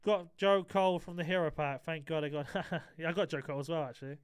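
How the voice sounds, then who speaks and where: A man's voice: on the high side, steady tone, quick pace, smooth, no room sound, clean studio sound. A man live-streaming a football video game, chatting casually and joking with his viewers. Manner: banters with chat, jokey, self-described moaner.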